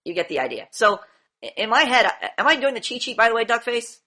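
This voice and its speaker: A woman's voice: a little high, big pitch swings, fast, bright, forceful tone. A woman teaching an acting class, blunt and demanding, swearing freely as she questions her students.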